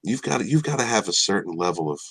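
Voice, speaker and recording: A man's voice: on the low side, lively intonation, fast talker, fairly bright tone, slightly rough, no room sound. A man chatting casually on a podcast, rambling and crude, stumbling over his words and laughing often. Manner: crude, rambling, stammers and restarts, laughs a lot. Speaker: guest on a podcast.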